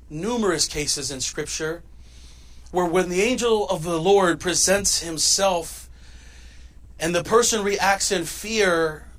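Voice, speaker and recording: Male pastor, high voice, dynamic sermon delivery, loud to hushed.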